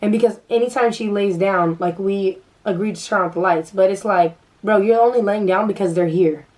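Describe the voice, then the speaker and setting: A woman's voice: medium pitch, moderate pace, darkish tone, distant mic, low-quality recording. A young woman vlogger telling a story in casual chat, full of fillers and restarts.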